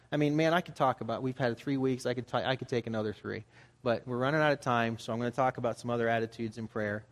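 A man preaching as a pastor, in a conversational style that builds to emphatic urging. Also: medium pitch. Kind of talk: sermon.

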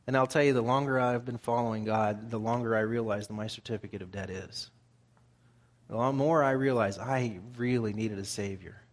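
A man preaching a sermon, reading scripture aloud and explaining it in plain, conversational terms. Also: mid-range voice.

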